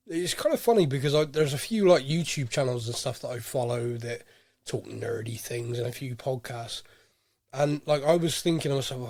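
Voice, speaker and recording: A podcast host with a fairly high, slightly mellow voice chats casually at normal speed in a clean studio with no room sound. He rambles with fillers and sounds a bit nasal from a head cold.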